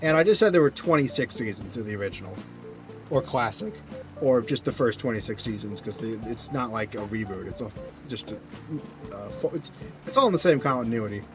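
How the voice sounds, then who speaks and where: A man's voice: medium pitch, animated, brisk, faint music behind, low-quality recording. A man streaming a video game, chatting casually and rambling through answers to viewers' questions, often restarting his sentences. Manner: rambling, self-correcting, answers chat questions.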